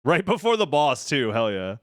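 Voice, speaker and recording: A man's voice: fairly high pitch, big pitch swings, normal speed, over music. An American man commentating a live-stream game run, joking and sarcastic as he chats with viewers. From United States.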